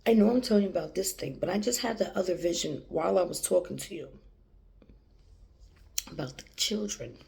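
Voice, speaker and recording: Her voice is lowish and a little mellow, with vocal fry, and she talks fairly quickly while pausing often. She is a channeler, an adult with a young daughter, rambling casually to camera, laughing frequently and sometimes whispering.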